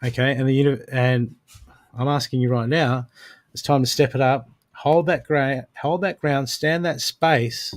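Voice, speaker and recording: A man of ordinary pitch reads oracle cards live and talks straight to the listener. He gives pep-talk advice and keeps checking in with a steady stream of "okay"s. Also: measured pace. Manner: coaching, repeats "okay" often. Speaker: intuitive card reader. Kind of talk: live oracle card reading.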